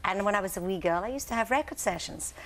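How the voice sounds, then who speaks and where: A woman in her sixties, chatting as a guest on a morning show, lively and given to laughing. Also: medium pitch, quick pace. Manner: chatty, laughing, breaks into song. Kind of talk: casual chat.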